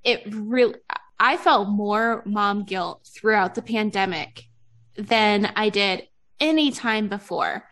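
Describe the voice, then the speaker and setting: A woman's voice: medium pitch, slow, a bit bright. A woman in her thirties hosting a podcast, chatting casually, laughing often and peppering her talk with "like". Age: 30s. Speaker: podcast host. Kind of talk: casual chat.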